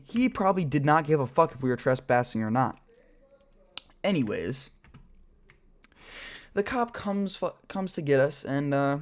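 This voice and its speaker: A young man telling a rambling, profane childhood story in a casual vlog while gaming, full of filler words. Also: a little high. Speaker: storyteller vlogger.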